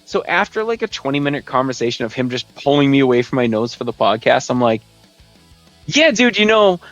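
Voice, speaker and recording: A man's voice: mid-range voice, fast talker, no echo, muffled recording, soft background music. A man hosting a podcast from his basement, ranting with profanity in a casual, rambling way and acting out his friends in put-on voices. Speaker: podcast host. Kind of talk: casual comedic rant. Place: home basement gaming room.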